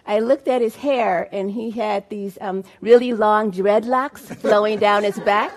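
A woman panelist telling a personal story to a live audience, halting with frequent ums and uhs. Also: medium pitch, steady tone. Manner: halting, with many fillers. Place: live event hall.

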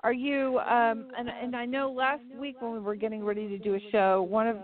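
Talky excited lady cohost, kinda high voice, phone-line tinny. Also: fairly quick. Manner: chatty, enthusiastic, talks over others. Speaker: radio co-host. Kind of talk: casual radio interview.

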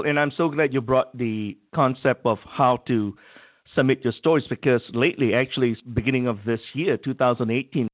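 A man from Malaysia hosting an interview, warmly encouraging his guest with frequent agreement. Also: mid-range voice, no echo. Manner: encouraging, lots of mm-hmms. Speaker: host. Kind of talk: casual interview. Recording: tinny dry phone line.

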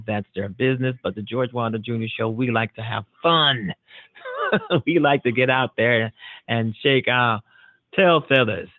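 A man's voice: lowish voice, no echo. A man hosting a talk show, earnest and rambling, with frequent repeats and fillers as he signs off. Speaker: radio talk show host. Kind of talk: closing monologue of a call-in show. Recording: dry, tinny phone-like audio.

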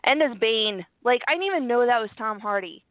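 A woman's voice: on the high side, a little fast, no room sound. Woman from Philadelphia, chatty co-host, laughs a lot, tinny phone-like sound, dry. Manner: animated, laughs often, chatty. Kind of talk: casual chat.

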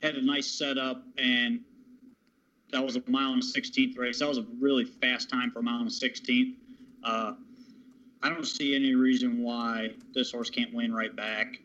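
A man's voice: mid-range voice, little pitch movement, sharp tone. Confident handicapper man on a dull line. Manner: confident, halting with fillers. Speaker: racing handicapper. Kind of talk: horse racing handicapping talk.

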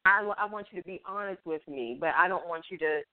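A woman's voice: fairly low pitch, quick pace, no echo. A woman on a casual radio talk show who reasons things through in an easygoing way, with many fillers. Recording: dry, tinny phone-like sound.

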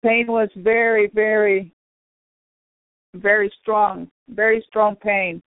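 Woman testifying slowly and earnestly over a thin, dry phone line. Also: mid-range voice, steady tone, no room sound. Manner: earnest, repetitive, addresses brothers and sisters. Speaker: radio program speaker. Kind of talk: personal faith testimony.

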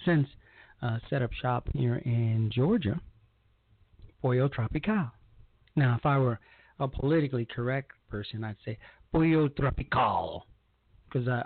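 A man's voice: medium pitch, no echo. A man hosting a casual monologue broadcast, rambling and often repeating himself as he restarts his sentences. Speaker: broadcast host. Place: lives in Georgia. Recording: tinny phone-like line, dry.

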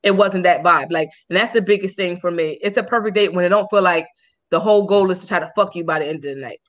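A woman co-hosting a podcast in loose casual chat. She tells stories in a rapid, animated rush and is blunt and unfiltered, swearing freely. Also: lowish voice, lo-fi sound. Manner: candid, animated storytelling with frank profanity. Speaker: podcast co-host.

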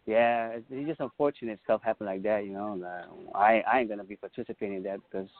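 A man's voice: lowish voice, quick pace. A man from the Philippines co-hosting a casual podcast, repeating himself with loose grammar. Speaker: co-host. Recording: tinny phone-line sound, dry.

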